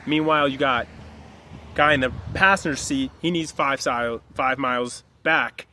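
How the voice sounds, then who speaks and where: A male life coach tells a motivational story with a bright, forceful voice. He acts out the pleading people in the story and talks bluntly, with a curse now and then. A faint hiss sits under the recording. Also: mid-range voice, steady tone, normal speed. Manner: blunt, direct, swears. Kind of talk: motivational monologue told as a story.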